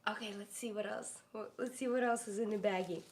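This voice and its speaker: A woman's voice: mid-range voice, steady tone, brisk. A woman streamer chatting casually and rambling, cooing to her dog between stories. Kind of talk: casual live-stream chat. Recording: echoey room with faint noise.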